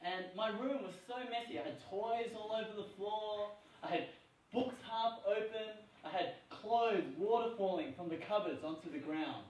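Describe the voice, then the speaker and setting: A man's voice: high voice, measured pace. A man giving a humorous keynote speech at a conference, telling playful stories that draw laughs. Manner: playful, storytelling, gets laughs. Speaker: keynote speaker. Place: large conference hall. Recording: echoey hall from a distant mic.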